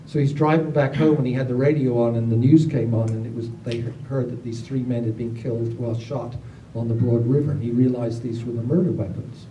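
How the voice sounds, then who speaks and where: Man, very dark timbre, animated storyteller, roomy and distant recording with faint noise. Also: medium pitch, a little fast, few pauses. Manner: animated, acts out other people's lines in raised voices. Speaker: storyteller at a gathering. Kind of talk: casual spoken storytelling.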